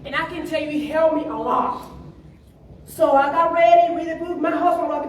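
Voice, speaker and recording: A woman giving an animated motivational speech at a networking event, laughing often as she tells her story. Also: very high-pitched, moderate pace. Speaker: featured speaker at a networking event. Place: event room. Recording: echoey room, distant mic, faint noise.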